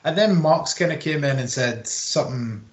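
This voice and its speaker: A man's voice: fairly high pitch, expressive. Casual man in a roomy room. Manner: rambling, swears, quick laughs. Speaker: podcast co-host. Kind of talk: casual wrestling chat. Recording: roomy home recording.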